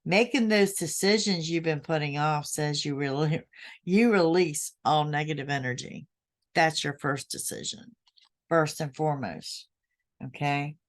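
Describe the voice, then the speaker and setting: A woman's voice: low voice, measured pace. A woman hosting a psychic podcast, giving readings to her listeners in an emphatic way, often repeating her points. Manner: emphatic, repeats key words, addresses listeners directly.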